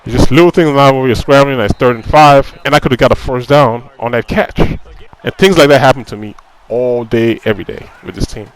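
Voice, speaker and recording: A man's voice: medium pitch, fairly quick, hardly any pauses, rough recording. A man giving casual commentary over his own football video game match, ranting in a frustrated, conversational way and leaning on "you know" and repeated phrases. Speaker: gaming commentator.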